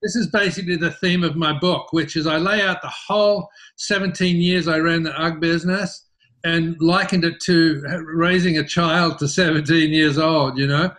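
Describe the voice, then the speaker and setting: A middle-aged man with an Australian accent tells his business story in an interview, animated and often repeating words as he starts sentences. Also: on the high side, normal speed. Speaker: interview guest, business founder.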